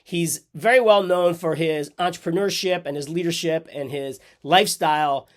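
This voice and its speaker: A man's voice: a little high, normal speed. A man hosting a casual vlog from his home office, with a nasal, congested voice from a cold and an upbeat, rambling way of talking. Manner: upbeat, rambling with fillers and restarts. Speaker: host. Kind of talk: casual vlog talk to camera.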